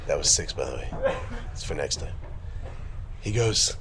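Leading a class in a relaxed religious talk, a man with a lowish, expressive voice jokes, laughs readily, and wanders from the subject. Eventually he swells into emphatic preaching, with a bit of noise in the background.

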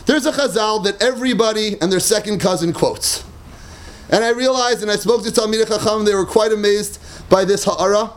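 A Torah teacher leads a Talmud class in a high-sitting voice at a brisk pace. Animated and emphatic, he mixes Hebrew and Aramaic terms into his English and laughs at his own points.

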